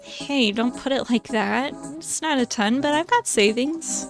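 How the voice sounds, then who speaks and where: A woman's voice: sits high, animated, a little slow, music in the background. A woman reading a timid, apologetic young man. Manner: hesitant, apologetic. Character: timid young man, self-deprecating job hopper.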